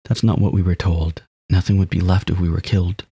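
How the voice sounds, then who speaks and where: A man reading the lines of a strange male shadow creature in a visual novel, giving it flat, clipped replies. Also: low-pitched, fairly quick, slightly rough, no echo, studio quality. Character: strange talking shadow, male, curt and resentful.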